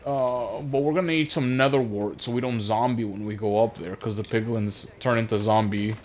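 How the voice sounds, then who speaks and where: A man's voice: on the low side, steady tone, darkish tone, a little hiss or hum, natural voice. A man voicing a dim, agreeable male piglin general who speaks hesitantly. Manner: hesitant, halting. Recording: dull lo-fi audio.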